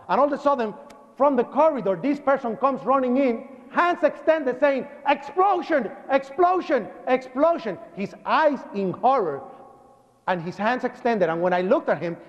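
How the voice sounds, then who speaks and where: A man with a very high voice gives a dramatic eyewitness lecture, acting out shouts and sounds as he goes. His pitch swings lively across the account. It sounds like dull broadcast audio from a long-echoing hall. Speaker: eyewitness speaker. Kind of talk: public lecture testimony.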